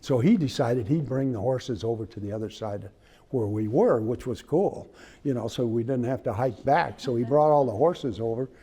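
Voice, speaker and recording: A man casually telling a hunting story, rambling and halting with many restarts, indoors in a room with his trophy rug on the wall. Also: medium pitch, mellow, husky.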